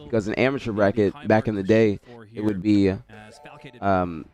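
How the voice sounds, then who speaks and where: A male streamer chats loosely through a watch party, rambling and calling out his viewers by name. His voice sits a little low and sounds congested from a recent cold. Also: moderate pace. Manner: relaxed, rambling, talks to chat by name. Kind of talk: casual stream chat reading chat messages.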